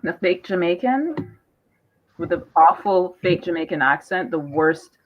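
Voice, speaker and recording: A woman's voice: lowish voice, expressive, measured pace, soft background music. Emphatic woman on a lo-fi stream. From Canada. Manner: emphatic, talks over others with many fillers. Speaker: panelist. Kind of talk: casual group discussion. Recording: dull lo-fi live stream audio.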